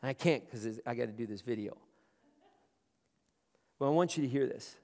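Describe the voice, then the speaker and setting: A man's voice: mid-range voice, brisk, a little mellow. A male pastor preaching a conversational sermon, often repeating words as he starts his phrases. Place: large room. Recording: long hall reverb.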